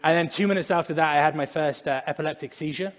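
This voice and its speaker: A young man preaching a lively sermon in a church, laughing often as he talks. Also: fairly high pitch, quick pace, big-room sound. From Germany. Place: church sanctuary.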